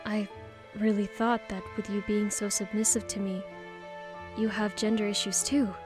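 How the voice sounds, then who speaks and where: A woman's voice: medium pitch, level tone, normal speed, music in the background, lightly acted. A woman voicing an anguished, tearful young trans man confessing to his boyfriend in an audiobook. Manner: emotional, pleading and tearful.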